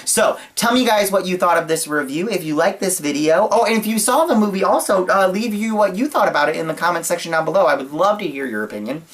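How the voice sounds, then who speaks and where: A man hosting his own channel, giving a casual spoken movie review in a gushing, excitable way, with a lot of uh and like fillers. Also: high-pitched, fast, hardly any pauses.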